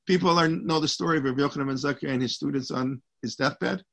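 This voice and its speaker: A man with a gravelly, husky voice gives a Torah class to a small group. He sits a little high in pitch and rambles as he teaches. He restarts his sentences and quotes Hebrew texts. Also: fast talker, a bit bright.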